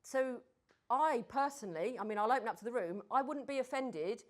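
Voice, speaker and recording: A woman's voice: a little high, fairly quick. A British woman answering questions from an audience, direct and encouraging. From Britain. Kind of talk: live Q&A workshop talk. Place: room with an audience.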